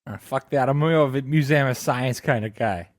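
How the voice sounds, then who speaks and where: A man with a mid-pitched voice, trading jokes and teasing quips in a casual podcast chat. The sound is dry and close. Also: moderate pace, dry recording. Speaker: podcast co-host.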